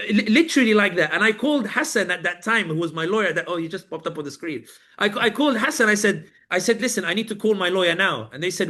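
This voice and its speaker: Man, guest journalist on a live panel, animated storyteller acting out quotes, fairly high voice. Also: fast. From Britain. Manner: vivid storytelling, acts out guards and inmates in quotes.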